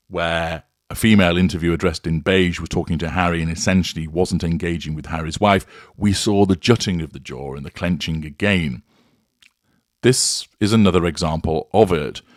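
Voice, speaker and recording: Deep-voiced man, deliberate and analytical. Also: dry recording, studio quality. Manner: measured, deliberate, analytical delivery. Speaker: commentator analysing a public figure. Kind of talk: scripted commentary monologue.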